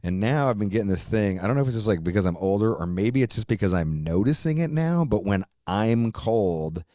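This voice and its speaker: A deep-voiced man in his fifties hosts a podcast and tells a rambling personal story, full of swearing and frequent laughter. The sound is dry and close, with no room around it. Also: animated, fairly quick, mellow, dry recording. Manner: rambling, profane, laughs often. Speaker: podcast host. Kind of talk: casual storytelling chat.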